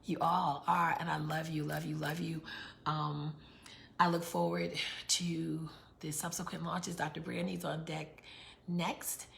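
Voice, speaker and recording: A woman's voice: low-pitched, flat delivery, a little slow, gravelly, slight background noise. A middle-aged woman from New York, hosting a live book launch, chatting casually and reading out viewer comments. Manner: chatty, repeats words, reads out viewer comments.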